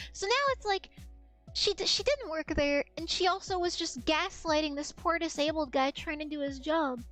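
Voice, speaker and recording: A woman streamer with a very high voice tells a meandering story in casual chat. She swears freely and slips into the other people's lines as she goes. Soft music plays quietly behind her. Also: a little fast. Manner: rambling, animated anecdote with swearing and acted-out quotes.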